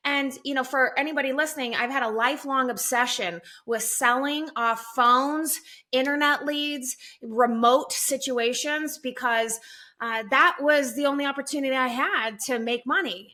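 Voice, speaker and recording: A woman in her forties tells her story as a podcast guest. Her voice is bright and clear, and she talks in a lively way, slipping into higher voices whenever she quotes someone. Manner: animated, acts out quotes in raised voice. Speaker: guest, sales training company president. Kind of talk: candid storytelling interview.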